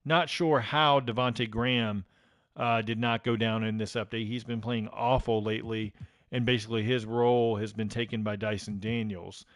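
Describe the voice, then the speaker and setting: A man's voice: on the low side, fairly even intonation, moderate pace, dry recording. Guy streaming from home, reading off game ratings, lots of ums, dry close sound. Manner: chatty, lots of ums and uhs. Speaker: gaming channel host. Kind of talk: casual live-stream commentary.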